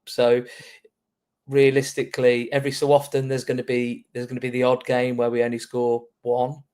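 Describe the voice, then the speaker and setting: A man co-hosting a casual fan podcast, talking in a measured, steady way. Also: mid-range voice, clear, resonant tone. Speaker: podcast co-host.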